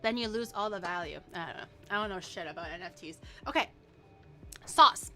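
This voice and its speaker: A woman's voice: fairly low pitch, fairly quick, sharp tone, faint music behind. A young woman chatting casually while cooking on her stream, explaining each step and swearing now and then.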